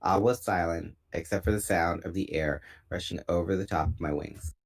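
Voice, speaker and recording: A man with a notably deep voice reads a novel aloud. His delivery is relaxed and informal, and he sometimes stops to correct a slip before carrying on. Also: vocal fry. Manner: relaxed, unpolished reading with small self-corrections. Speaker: book reader.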